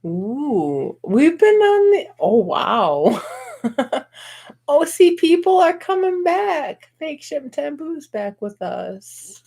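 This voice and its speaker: A woman's voice: high-pitched, sing-song, very slow, gravelly, mellow. A woman co-hosting a casual live radio-style stream, bantering and laughing often. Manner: giggly, playful banter. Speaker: co-host.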